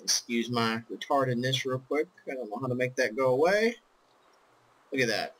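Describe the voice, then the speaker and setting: A man's voice: mid-range voice, expressive, normal speed, a bit bright, poor audio. A tired man casually commenting on his own gameplay as host, rambling with lots of ums and swearing. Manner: rambling, full of ums, profane. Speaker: let's play host.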